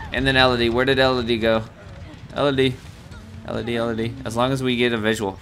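A man giving live commentary on his own gameplay, excitable and talking to himself as he plays. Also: medium pitch, fast talker, background noise. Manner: excitable, talks to himself while playing. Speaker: gaming streamer. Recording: game music loud behind.

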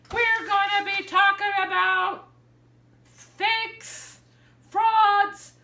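Woman host, very high bright voice, rambling casual advice, roomy echo. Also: gravelly. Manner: rambling, repeats words, many fillers.

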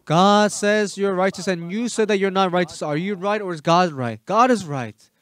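A man preaching a sermon as pastor, emphatic, firing rhetorical questions at the congregation and swinging between loud urging and soft asides. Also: high-pitched, moderate pace.

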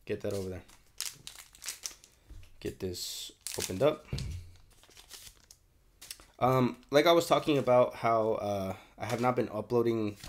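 Profane, excitable young man with a stuffy nose. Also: mid-range voice, unhurried, pauses often, slight background noise. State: congested, sniffly. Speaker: card unboxing channel host. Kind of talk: casual unboxing chat.

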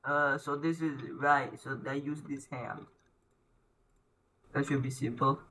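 A man's voice: medium pitch, steady tone, slow pace, a little hiss or hum, poor audio. A young man commentating a horror game, reading its text aloud and yelping at scares. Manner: jumpy, yelps and shouts at scares. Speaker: gameplay commentator.

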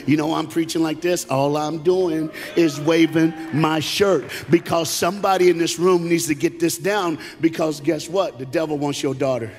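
A man from Tennessee with a Southern accent, preaching an energetic conference sermon with jokes and call-and-response. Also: fairly high pitch. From Knoxville, Tennessee. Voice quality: animated, joking, call-and-response. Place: large conference hall. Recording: live hall with long reverb and faint music.

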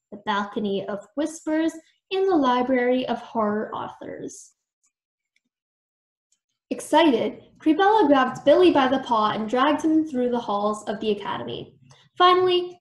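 A storytime reader with a fairly high voice reads a children's book aloud, expressive and animated. The recording carries a roomy echo.

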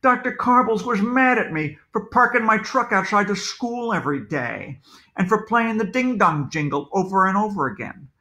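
A man's voice: high-pitched, expressive, moderate pace, bright, forceful tone, voice pushed up, heavily acted. A man voicing a rattled ice cream truck driver who talks in a shaken, old-time tough-guy way. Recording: roomy echo.

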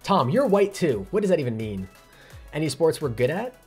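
A man's voice: a little high, very animated, faint music behind. A young man chatting casually on his gaming live stream, reading out viewer messages. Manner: fast, chatty, reads viewer messages aloud.

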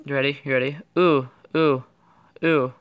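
A man giving casual, excitable gameplay commentary with playful trash talk. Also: mid-range voice, normal speed, clear, resonant tone. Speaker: gaming channel host.

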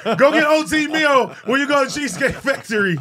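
High-pitched, teasing man, quick to laugh. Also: expressive, pushed and bright, slight background noise. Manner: laughing, teasing, blunt slang. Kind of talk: casual podcast chat.

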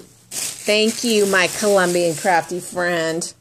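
Woman, crafting vlogger, casual chat, slow unhurried delivery, admiring and chatty. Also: on the low side, fairly bright tone.

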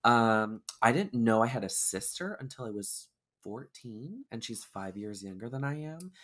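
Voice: mid-range voice, animated, moderate pace, fairly bright tone. A guest from Seattle chatting casually, rambling and laughing easily, sometimes losing words. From Seattle, Washington. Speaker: podcast guest. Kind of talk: casual chat.

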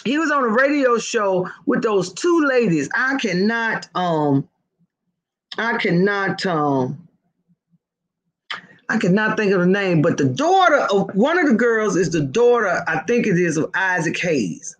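A woman's voice: mid-range voice, lively intonation, unhurried. A woman hosting a casual live stream, gossiping, laughing often and calling out to her viewers.

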